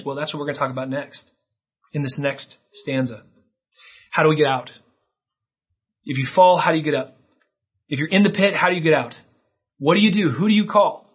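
A man preaching a sermon, earnest and animated, with many rhetorical questions. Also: on the high side, normal speed, pauses often, slightly rough, dull audio. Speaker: pastor.

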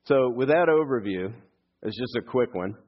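A man's voice: medium pitch, lively intonation, moderate pace, dull audio. An older man, a pastor, giving a conversational sermon with frequent fillers and friendly asides.

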